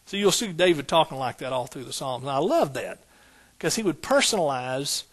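A man preaching from the pulpit, his voice sitting a touch high for a man. He drives his points home with repeated phrases and slips into homey, conversational asides between them. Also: very animated, brisk, fairly bright tone. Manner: repetitive preaching cadence, folksy asides. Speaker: pastor. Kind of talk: sermon.

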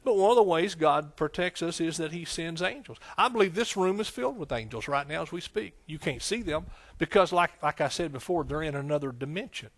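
A man's voice: on the high side, expressive, brisk, few pauses, fairly bright tone. A man preaching a folksy, conversational sermon, with frequent amens and hallelujahs. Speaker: pastor.

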